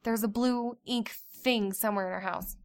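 A woman in her thirties, co-hosting a casual chat and telling family stories in an animated way, acting out voices. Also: a little high, normal speed. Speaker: podcast co-host.

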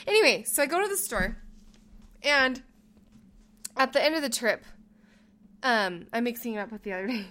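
Bright-voiced woman telling a story. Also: fairly high pitch, moderate pace, pauses often. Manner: animated, laughing, acts out quoted lines. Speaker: podcast co-host. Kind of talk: casual storytelling chat.

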